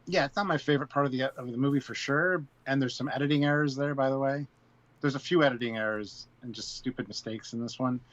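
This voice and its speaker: A man's voice: medium pitch, fast talker, a bit bright, muffled recording. A man co-hosting a casual live film discussion, rambling and repeating words while he searches for what to say. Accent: British. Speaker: co-host.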